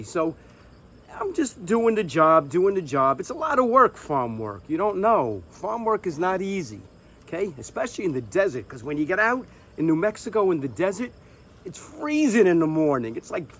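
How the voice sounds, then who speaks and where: A middle-aged man spins a comic yarn in a slightly high voice, animated and salty, hammering phrases by repeating them. Faint crickets chirp behind him outdoors. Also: slight background noise. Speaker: storyteller. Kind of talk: casual comic storytelling. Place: outdoors on a stoop.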